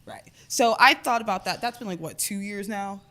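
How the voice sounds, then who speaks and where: A young woman in her twenties talks casually on a podcast, her voice sitting at a middle pitch. She rambles through stories, fills them with "like" and drops swear words freely. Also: normal speed, pushed and bright. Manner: chatty storytelling, swears often, says "like" a lot. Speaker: podcast co-host. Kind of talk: casual chat.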